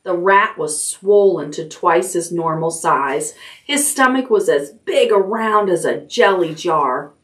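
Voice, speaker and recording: A woman, a children's librarian, reading a chapter book aloud at bedtime in a gentle, expressive way. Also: on the low side, slow pace, far from the mic.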